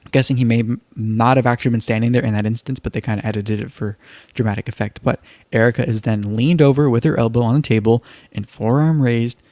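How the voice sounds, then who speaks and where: Hosting a laid-back livestream recap of a reality show, this man speaks fast at a medium pitch with no echo. His loose, chatty storytelling is relaxed and full of wry asides, padded with "kind of" and "like."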